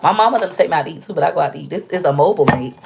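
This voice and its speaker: Young woman, casual vlog chat, lowish gravelly voice, phone-recorded at home. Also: animated, racing, noisy background. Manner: chatty, playful, talks to viewers while unboxing. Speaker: vlogger opening fan mail. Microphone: phone propped on a stand.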